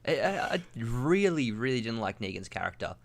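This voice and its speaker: A man's voice: medium pitch, sing-song, fairly quick, creaky. A male co-host giving considered, hedging opinions in a casual chat, with frequent fillers. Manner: thoughtful, hedging, many fillers.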